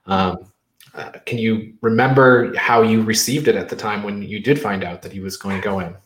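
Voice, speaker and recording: Interviewer, relaxed, easy laugh, echoey room. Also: low voice, normal speed. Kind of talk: casual interview. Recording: roomy echo.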